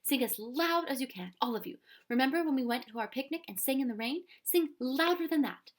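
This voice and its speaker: A woman's voice: high voice, expressive, a little fast, voice pushed up. A woman voicing a kindly, fussy older male professor in a storybook reading, with old-fashioned exclamations. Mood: rousing.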